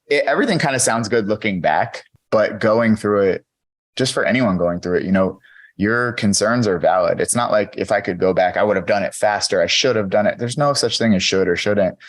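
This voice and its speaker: A man's voice: lowish voice, a little fast. A man in his thirties, a podcast guest telling his own story in a candid, earnest way with lots of fillers. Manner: earnest, candid, many fillers like "you know". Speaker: podcast guest, keynote speaker. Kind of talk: storytelling in an interview.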